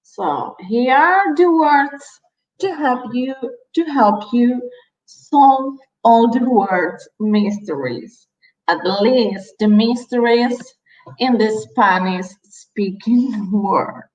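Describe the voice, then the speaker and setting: A woman teaching a language lesson, repeating each word slowly and carefully for learners. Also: on the high side, reverberant, lo-fi sound. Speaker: Spanish teacher.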